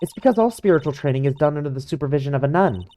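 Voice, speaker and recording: A woman's voice: low-pitched, expressive, racing, warm tone, slight background noise. A woman voicing a playful, teasing nineteen-year-old girl in a game fan dub.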